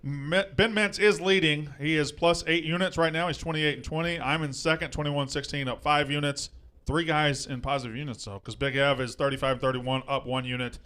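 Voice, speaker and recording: A man hosting a casual sports betting show, rattling off picks and results in a brisk, joking way. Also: a little high, steady tone, bright, forceful tone, clean tone.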